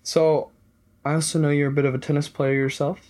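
A man's voice: a little high, little pitch movement, a little fast, a little mellow. A young man from Texas hosting a casual interview, laid-back and joking with plenty of slang. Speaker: host.

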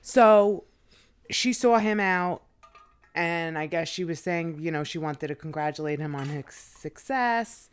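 A woman co-hosting a podcast as a guest, telling gossip stories in a relaxed, chatty way. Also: on the low side, a little slow, clean tone. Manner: laid-back, chatty storyteller. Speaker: guest co-host. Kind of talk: casual podcast chat.

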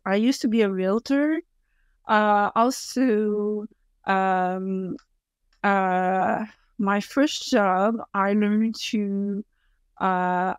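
A woman's voice: medium pitch, clean tone, no echo. A woman in her fifties from Quebec City, speaking English with a French Canadian accent as a guest in a casual interview, blunt and emphatic. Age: 50s. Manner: blunt, emphatic, deliberate phrasing.

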